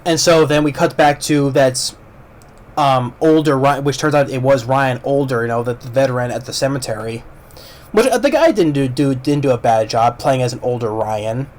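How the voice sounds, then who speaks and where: A man's voice: mid-range voice, normal speed, darkish tone. A man giving a casual, rambling movie review, retelling the plot with lots of fillers and restarts.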